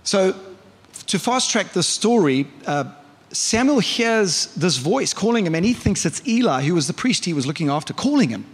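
A man's voice: high voice, sing-song, moderate pace, breathy edge. A male pastor preaching a conversational sermon in church, often asking the congregation questions. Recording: reverberant church hall.

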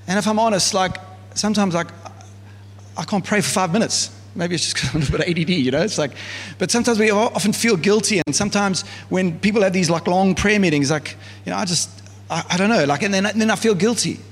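A man preaching as a pastor, in a relaxed, conversational style full of fillers and asides. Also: sits high, fast, breathy edge. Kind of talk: sermon. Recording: church hall with long reverb.

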